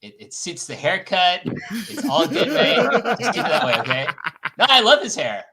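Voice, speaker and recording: Animated, sweary man guest. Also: sits high, normal speed, a loud crowd. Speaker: podcast guest. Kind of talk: casual podcast chat.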